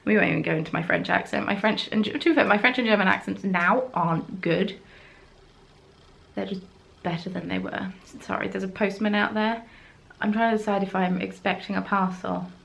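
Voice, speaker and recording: A woman's voice: medium pitch, steady tone, a little fast, vocal fry, fairly bright tone. A young woman in her twenties, rambling chattily to camera in a self-deprecating home craft vlog. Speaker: craft vlogger. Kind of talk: casual chat to camera. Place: at home, indoors.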